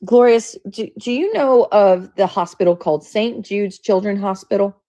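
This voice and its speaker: A woman on a live debate stream, speaking politely and measuredly, quick to apologize. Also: mid-range voice, dark tone.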